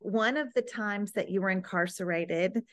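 Woman host with gentle questions. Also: medium pitch, normal speed, no room sound. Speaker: podcast host. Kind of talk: interviewing a guest.

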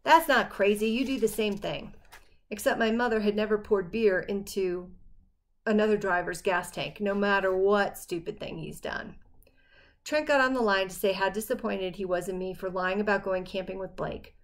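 A woman narrating a first-person novel as an audiobook, in a steady storytelling manner. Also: mid-range voice, moderate pace.

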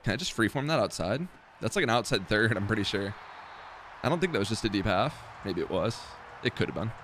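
This gaming streamer's voice is lowish and a bit bright, with lively intonation and a slightly fast pace, against slight background noise. The young man talks to himself as he plays a football video game, swearing and poking fun at his own errors in a casual running commentary.

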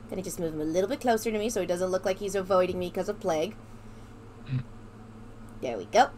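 A woman streaming a video game, chatting excitedly with her co-host and breaking into squeals. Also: mid-range voice, brisk, pauses often, a little hiss or hum. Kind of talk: casual game stream chat.

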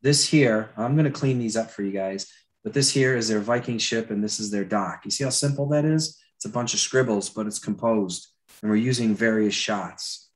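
During a live storyboard-drawing lesson, the man teaching has a lowish voice and a moderate pace. A dry throat has him clearing it again and again, and he talks informally, with frequent fillers and restarts.

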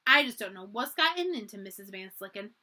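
A woman voicing a shrill, snobbish gossiping society lady. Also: animated, a little fast, bright, forceful tone. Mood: scandalized. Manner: shrill, scandalized.

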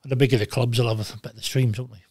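An older man in his sixties, talking bluntly and with lots of swearing in a casual interview, telling animated stories. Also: mid-range voice, racing, breathy edge, no echo, studio quality. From Wales. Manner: blunt, profane, animated storytelling. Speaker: guest, former goalkeeper.

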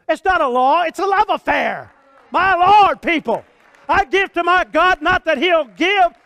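A man in his sixties preaching a sermon as pastor, folksy and fervent, swinging from hushed talk to shouts. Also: very high voice, no room sound. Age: 60s.

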